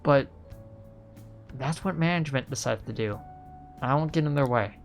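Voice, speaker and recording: Male streamer reading as a soft-spoken, earnest young heiress with an English accent; mid-range voice, polite and sincere. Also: mid-range voice, moderate pace, soft background music, natural voice. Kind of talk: reading game dialogue aloud.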